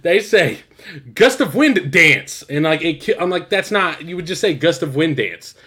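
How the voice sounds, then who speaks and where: A man co-hosting a podcast, telling stories in an animated, profane, exasperated way. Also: fairly high pitch, moderate pace, husky. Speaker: podcast co-host. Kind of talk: casual podcast chat.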